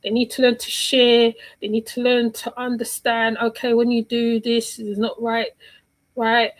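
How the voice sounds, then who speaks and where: Rambling woman streamer, fairly high voice. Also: completely flat delivery, measured pace, poor audio. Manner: rambling, repeats herself, searches for words. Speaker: livestream commentator. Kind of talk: casual reaction commentary.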